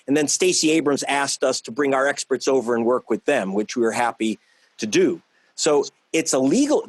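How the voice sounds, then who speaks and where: A man's voice: medium pitch, no echo. A man, a journalist guest in a panel discussion, talking emphatically with frequent restarts. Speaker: author and investigative journalist guest.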